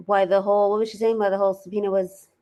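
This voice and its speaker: A woman in a relaxed commentary chat, chatty and loose, filling her pauses with ums. Her voice sits at an ordinary middle pitch for a woman. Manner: chatty, many ums, reads documents aloud.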